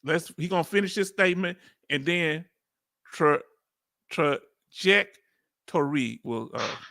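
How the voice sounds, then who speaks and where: A man with a Southern accent hosting a reaction video, talking casually in a playful, animated way and laughing often. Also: on the high side, normal speed, vocal fry, no echo, studio quality. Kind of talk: casual live reaction commentary.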